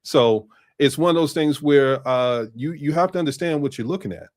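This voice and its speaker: Guesting on a podcast, this middle-aged man, a business strategist, speaks at a moderate pace in a fairly high voice. In casual conversation he's blunt and street-smart, laying out how things actually work.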